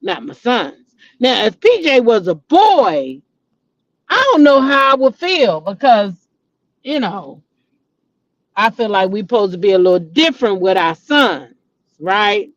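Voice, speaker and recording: Unhurried but very animated, this middle-aged host has a mid-range voice on a dry, dull lo-fi recording. In her casual gossip chat she keeps repeating names and breaking into dramatic exclamations.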